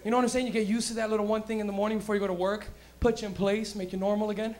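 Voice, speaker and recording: A man hosting a comedy show, doing a loud, crude stand-up bit with acted-out rants. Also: high-pitched, level tone, racing. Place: comedy club stage.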